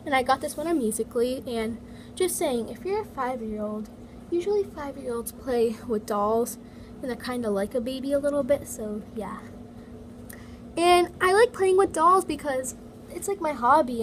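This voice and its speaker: With lively intonation and a voice that sits high, a woman toy vlogger talks at a moderate pace while reading comments in her basement at home, leaning on "like" and "so yeah." An iPad mini captures it, along with the heater humming in the background of this noisy recording.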